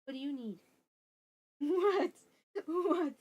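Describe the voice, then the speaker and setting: A woman streaming a game, chatting casually and excitably, reacting out loud and slipping into soft doting baby talk with her pet. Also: high-pitched, extremely slow, lo-fi sound. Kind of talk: casual live-stream chat while gaming.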